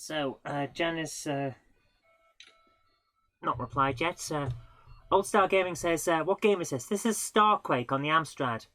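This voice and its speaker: A woman hosting a live game stream talks a little slowly in a low, expressive, slightly bright voice over a dry recording. She keeps things chatty and casual, laughing frequently and making fun of her own mistakes while playing.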